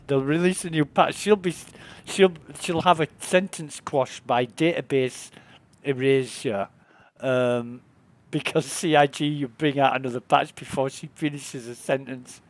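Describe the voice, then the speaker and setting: Streaming a video game, a man with a somewhat high voice talks at a measured pace. He rambles in a laid-back way about what he sees and swears freely now and then in this casual gaming commentary.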